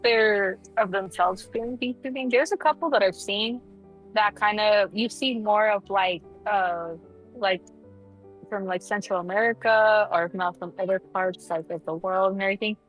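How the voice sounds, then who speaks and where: A woman's voice: medium pitch, normal speed, poor audio. Woman guest on a stream, rambles, says like a lot, swears, faint music behind. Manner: rambling, heavy filler words, swears casually. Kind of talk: casual livestream chat.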